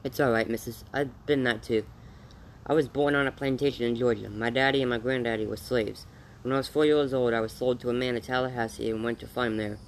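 A man's voice: medium pitch, fairly even intonation, fairly quick, slight background noise, close to an everyday voice, poor audio. A man voicing a hungry, humble grown drifter who speaks in plain, polite rural talk. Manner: folksy rural speech, eager and polite.

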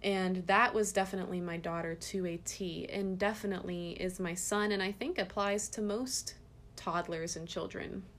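A woman in her thirties talks casually on her parenting podcast, with a slightly low voice. She tells stories in an earnest, gentle way, and a faint noise sits under her speech. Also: fairly even intonation, moderate pace.

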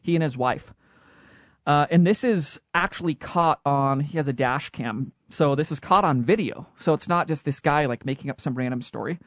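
A young man with a Utah accent, co-hosting a podcast in a casual, joking way with quick asides. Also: on the high side, no room sound, studio quality. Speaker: podcast co-host.

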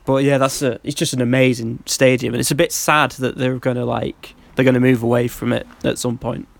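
A man's voice: medium pitch, little pitch movement, a little fast, vocal fry. A man chatting casually on a podcast, telling travel stories and laughing often. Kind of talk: casual chat, anecdote telling.

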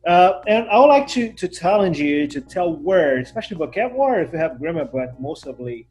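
A man's voice: fairly high pitch, lively intonation, brisk, a little mellow. A man hosting a podcast, chatting in an easygoing way and laughing at himself. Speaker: podcast host. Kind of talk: casual podcast conversation.

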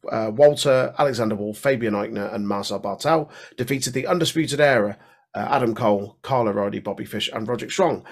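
A man's voice: medium pitch, creaky. A man co-hosting a podcast, reading wrestling history facts with fillers and playful asides. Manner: reads facts aloud with fillers and playful catchphrases. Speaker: podcast co-host.

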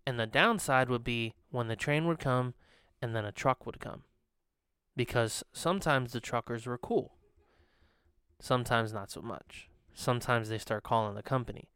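A man's voice: medium pitch, moderate pace, fairly bright tone, clean tone, no echo, studio quality. A young man co-hosting a podcast, telling long rambling stories with fillers and laughs. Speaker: podcast co-host. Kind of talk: casual chat. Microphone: studio podcast mic.

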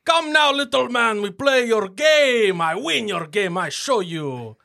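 A man voicing a loud, boastful male ice dwarf gambler in broken English with a put-on dwarf accent. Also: animated, a little slow, vocal fry, full character voice. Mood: taunting. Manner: booming broken English, swaggering.

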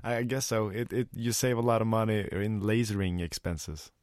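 A man's voice: lowish voice, fairly even intonation, normal speed, darkish tone, no room sound, studio quality. A man with a Texas accent co-hosting a podcast, laid-back and crude in casual banter. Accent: Texan. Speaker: podcast co-host.

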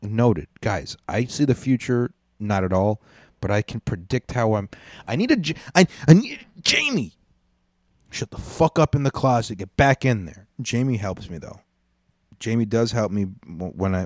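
A man's voice: lowish voice, moderate pace, a little mellow, no room sound, studio quality. A man hosting a podcast, ranting in a rambling, profane way and stumbling over his words. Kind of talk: casual rant.

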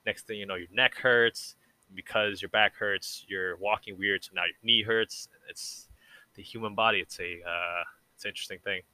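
Young man, podcast guest, low voice, bright tone, dry sound, rambling, reflective. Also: steady tone, normal speed, dry recording. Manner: rambling and reflective, heavy use of "like". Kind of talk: casual conversation.

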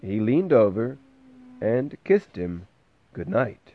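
Man, bedtime story reader for a toddler at home, gentle and sing-song, slightly dull home recording. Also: lowish voice, sing-song. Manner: slow, gentle and lilting, chatting with the child between pages. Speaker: parent reading to a toddler.

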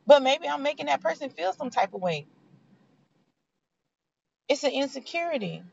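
A woman's voice: high-pitched, very animated, normal speed, vocal fry, darkish tone, slight background noise. Earnest woman with a lo-fi sound. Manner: heartfelt, preachy, conversational. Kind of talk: motivational faith talk. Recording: dull lo-fi sound.

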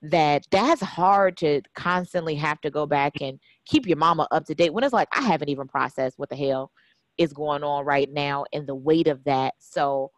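A woman hosting a podcast interview, relaxed and chatty, with casual slang. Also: sits low, normal speed, no echo. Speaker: podcast host.

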